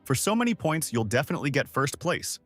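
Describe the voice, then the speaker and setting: A man voicing a flattering young girl student who fawns admiringly. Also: on the high side, fast talker, dry recording, soft background music, pitched above the performer's own voice. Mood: fawning. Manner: fawning, admiring.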